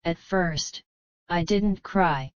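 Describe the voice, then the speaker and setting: A woman's voice: lowish voice, extremely slow, smooth, no room sound. A woman reading as a tearful young heroine. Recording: slightly dull, muffled.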